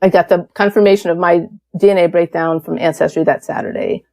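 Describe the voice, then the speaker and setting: A woman's voice: fairly low pitch, a little fast, gravelly, darkish tone. A woman around fifty, a podcast guest, telling a personal story in a frank, casual way, with swearing and acted-out quotes.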